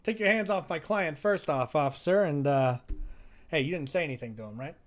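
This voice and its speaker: A man's voice: a little high, close to an everyday voice. A man doing a brash slick lawyer. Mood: pushy. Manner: brash, fast, commanding. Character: slick pushy male defense lawyer.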